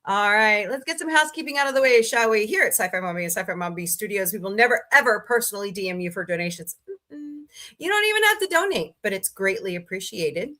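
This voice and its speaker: A woman hosting a casual livestream, greeting viewers by name and listing her channels, tired and low on energy today. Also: expressive, quick pace, sharp tone. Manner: chatty, greets viewers by name, rattles off lists. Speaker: livestream host.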